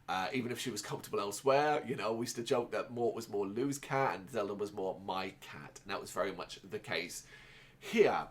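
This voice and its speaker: A man's voice: lowish voice, fairly bright tone. A man, hosting a podcast and telling a rambling, emotional personal story, restarting often and swearing. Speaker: podcast host.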